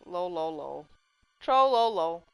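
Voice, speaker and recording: A woman's voice: lowish voice, animated, takes it slowly, vocal fry, smooth, dry recording, faint music behind, rough recording. A young woman hosting a livestream, rambling casually, swearing freely, goofing around and reading chat messages aloud. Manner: chatty, profane, goofy, reads chat aloud. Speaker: livestream host.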